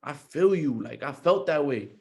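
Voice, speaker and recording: His voice is fairly high, creaky, and animated, moving at a moderate pace. The young man earnestly motivates a group call, repeating himself and rising in intensity.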